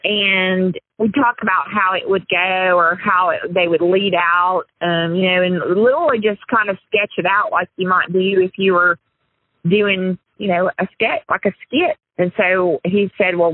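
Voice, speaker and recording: A woman's voice: fairly low pitch, steady tone, measured pace, dry recording. A woman being interviewed about her past, talking in a rambling, self-interrupting, confessional way over a phone line. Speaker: interviewee, former prank caller. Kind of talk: casual interview.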